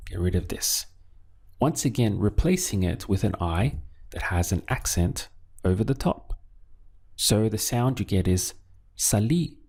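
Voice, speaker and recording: A patient male language teacher speaks at a slow, unhurried pace, quizzing the listener and then answering himself. His low voice is gravelly and somewhat husky, with a dark, mellow tone. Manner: patient, asks questions then gives the answer. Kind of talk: step-by-step language lesson.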